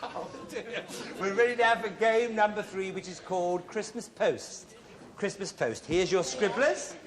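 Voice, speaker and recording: A man hosting a television game show, teasing contestants with quick puns and jokes. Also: high voice, some chatter behind. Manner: teasing, quick-witted, punning. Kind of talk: joking studio game-show patter. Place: television studio before an audience. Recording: noisy studio with loud audience.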